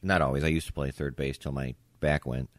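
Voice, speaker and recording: A man co-hosting a casual podcast, telling an animated story and acting out both sides of an argument. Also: extremely low pitch, a little fast, no echo. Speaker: podcast co-host.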